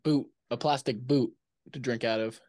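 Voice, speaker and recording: A man's voice: medium pitch, steady tone, moderate pace, darkish tone, dry recording, studio quality. Swearing young guy bantering. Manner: swears a lot, teasing, laughs. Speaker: co-host, son. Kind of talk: casual chat.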